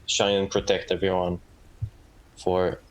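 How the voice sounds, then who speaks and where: A man playing a tabletop game, describing moves haltingly with fillers. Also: low voice, completely flat delivery, a little hiss or hum, rough recording. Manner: halting, thinks aloud with fillers. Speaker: player. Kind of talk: casual tabletop play.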